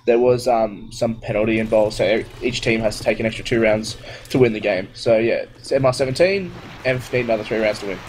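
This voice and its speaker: Dude casting a shooter game, quick running commentary, kinda jokey, faint gunfire behind. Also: male voice, fairly low pitch, darkish tone, a little hiss or hum, low-quality recording. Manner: brisk, light-hearted, laughs at blunders. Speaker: esports shoutcaster. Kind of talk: live play-by-play commentary.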